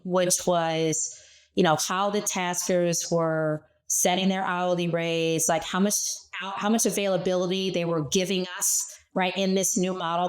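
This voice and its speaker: A middle-aged woman speaking as a guest in an interview, telling lively personal stories from her working life. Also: on the low side. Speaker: guest, former startup CEO. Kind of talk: conversational interview.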